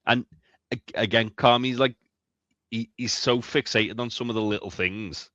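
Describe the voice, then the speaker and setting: A man's voice: medium pitch, moderate pace, pushed and bright, no echo. A man, co-hosting a casual TV recap podcast and rambling emphatically, swearing freely. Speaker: podcast co-host. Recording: dull, lo-fi, dry sound.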